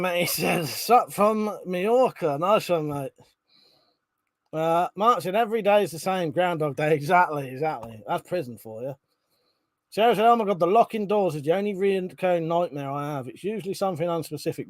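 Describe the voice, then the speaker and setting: A chatty man on a live stream, reading out comments from viewers and laughing along. His voice sits a little high for a man. The sound is dry and close, with no room echo. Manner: chatty, laughs often, swears casually.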